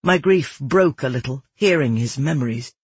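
Husky man narrating an audiobook. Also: mid-range voice, animated, dry recording. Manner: measured, descriptive. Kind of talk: scripted narration.

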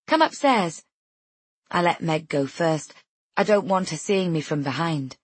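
A woman reads a first-person novel in a measured, intimate tone. Her voice sits low with a husky grain, recorded dry and close. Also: dry recording. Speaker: audiobook narrator. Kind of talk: first-person fiction narration.

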